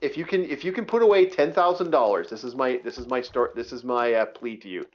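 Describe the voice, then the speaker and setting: A man's voice: mid-range voice, animated, fairly quick. A man co-hosting a podcast, ranting angrily in casual chat, swearing and restarting his sentences often. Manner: profane, heated ranting with many restarts. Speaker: podcast co-host. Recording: dull lo-fi audio.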